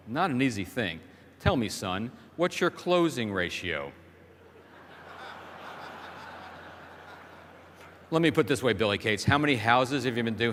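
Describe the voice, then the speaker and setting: A man quoting a gruff older male salesman neighbor who coaches with probing questions, on a reverberant hall stage. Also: mid-range voice, big pitch swings, moderate pace, fairly bright tone, a little hiss or hum.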